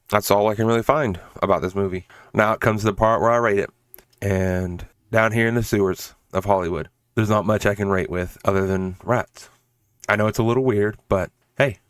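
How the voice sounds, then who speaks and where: Fairly low, clear, and resonant, this man's voice carries a casual, exasperated film recap and review on his podcast. He swears for emphasis and often restarts his sentences, and there's no room sound.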